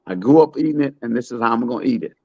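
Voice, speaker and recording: A man's voice: medium pitch, animated, racing, dry recording. A man putting on a chummy, plain-spoken older Southern president, casual and folksy. The sound is dull and dry, like a lo-fi recording in a dead room. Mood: confiding.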